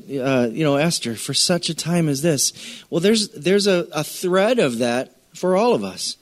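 A middle-aged man preaching a sermon in a conversational way, acting out scripture scenes and speaking straight to the congregation. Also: fairly high pitch. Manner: conversational preacher, acts out scripture voices, addresses congregation directly. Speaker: pastor.

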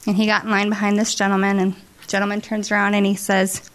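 A woman's voice: mid-range voice, monotone, quick pace. A middle-aged woman telling an earnest, emotional testimony story to a congregation at a church service. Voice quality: earnest, emotional, with restarts and soft asides.

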